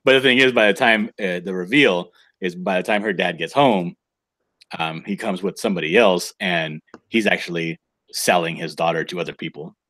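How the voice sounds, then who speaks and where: A man with a low, deep voice retells a story haltingly, stopping often to search for words. He speaks casually, as one guest among friends on a livestream. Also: fairly bright tone. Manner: halting, lots of fillers, storytelling. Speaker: comic creator guest.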